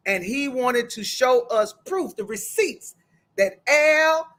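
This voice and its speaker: A woman's voice: high voice, expressive, slow pace, a bit bright. A woman hosting a livestream, chatting casually through gossip and greeting viewers by name. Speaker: livestream host. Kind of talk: casual commentary.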